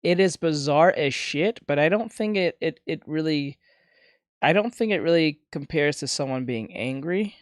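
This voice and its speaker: Lively, laughing stream commentator. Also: medium pitch, normal speed, no echo, studio quality. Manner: laughing, rambling reactions.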